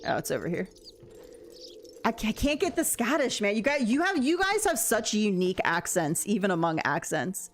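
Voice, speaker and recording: Chatty woman streamer with lively pitch. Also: moderate pace, slight background noise. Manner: rambling, chatty, laughs often, talks to chat. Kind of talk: casual gameplay stream chat.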